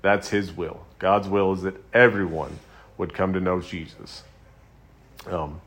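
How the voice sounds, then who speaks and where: Low-voiced man preaching a sermon. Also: steady tone, measured pace, fairly bright tone. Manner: conversational, with frequent ums and restarts; retells scripture stories in a low, earnest voice.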